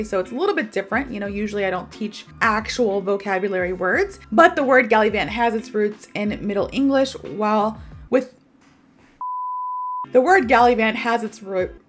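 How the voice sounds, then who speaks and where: A woman, teaching an English word in a chatty, animated way full of stories and fillers. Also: medium pitch, normal speed, faint music behind. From American South. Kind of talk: casual video lesson.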